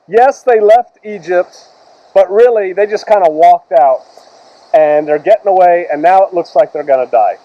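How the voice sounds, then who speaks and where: A man preaching a sermon as pastor, reading scripture slowly and loudly, then retelling it in casual words. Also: high-pitched, dry recording, highs cut off.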